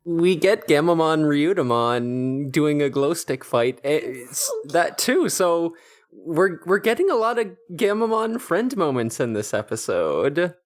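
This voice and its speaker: A man's voice: fairly high pitch, sing-song, measured pace. A man co-hosting an anime podcast, sardonic and loose with swearing, recapping the plot at length. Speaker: podcast co-host. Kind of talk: casual chat about an anime episode.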